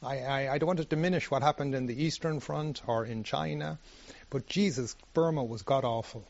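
A man giving a meditation teacher's dharma talk, halting often with restarts and "you know". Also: mid-range voice, gravelly, no room sound, highs cut off.

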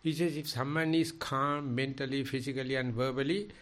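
A man taking part in a dharma discussion as a meditation teacher, talking in an animated, emphatic, storytelling way with big swings in pitch and loudness. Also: moderate pace, few pauses.

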